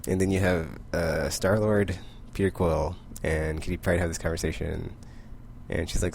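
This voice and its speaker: Young man with a deep, gravelly voice, rambling comic recap, faint hiss behind. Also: level tone, moderate pace, darkish tone. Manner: rambling, filler-heavy retelling with quoted character lines. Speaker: comic book vlogger.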